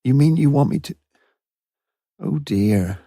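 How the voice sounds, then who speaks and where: A man's voice: medium pitch, lively intonation, slow pace, mellow, no echo, clean studio sound, voice pushed up. A man voicing a fussy, anxious middle-aged landlady in an audiobook, flustered and eager to please. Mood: chatty. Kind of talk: audiobook character voice.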